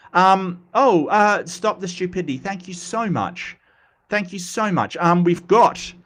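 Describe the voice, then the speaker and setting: A man's voice: a little high, fairly bright tone. An Australian man hosting a live stream, chatting casually and answering comments with lots of fillers and restarts. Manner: rambling, many fillers and restarts, playful. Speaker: livestream host.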